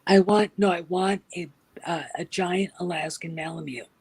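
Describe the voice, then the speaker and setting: A woman chatting casually as a guest, an animated storyteller who drops into soft whispers. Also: on the low side, normal speed, breathy edge, dry recording, rough recording. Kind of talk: casual chat.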